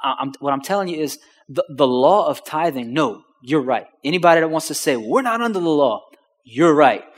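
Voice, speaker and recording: A male pastor preaching, telling a personal story with lively acted-out dialogue. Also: a little high, brisk, long reverb tail. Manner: animated storyteller acting out phone calls.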